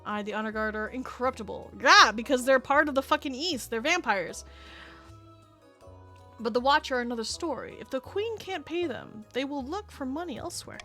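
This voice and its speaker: High, bright-voiced giggly woman streamer. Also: normal speed, soft background music. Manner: giggly, chatty, animated reactions. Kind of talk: live game stream commentary and reading aloud.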